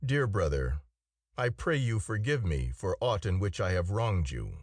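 A man's voice: low voice, very animated, unhurried, dry recording, exaggerated voice. A man voicing a humble, sorrowful knight in a storybook reading, speaking earnestly. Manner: earnest, entreating.

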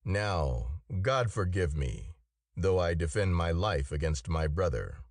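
A man's voice: deep voice, animated, takes it slowly, dry recording, clean studio sound, pitched below the performer's own voice, heavily acted. A man voicing a humble, sorrowful knight in a storybook reading, speaking earnestly. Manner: earnest, entreating.

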